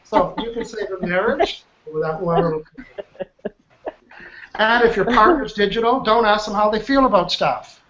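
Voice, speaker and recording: A man's voice: high voice, moderate pace, pushed and bright. A man leading an online coaching class, upbeat and chatty, often checking in with his students. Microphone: video call. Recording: muffled online call audio.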